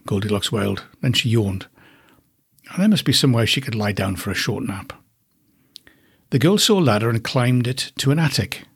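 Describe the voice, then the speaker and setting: A man hosts and narrates a children's storybook. His voice is husky and mid-pitched, and his telling is unhurried and lively with pitch. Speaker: podcast host.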